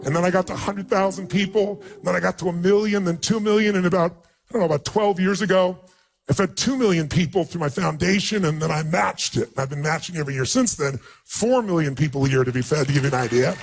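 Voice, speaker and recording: A man's voice: high-pitched, fast, gravelly. A man telling a personal story as a motivational speaker, emotional and emphatic, acting out quotes.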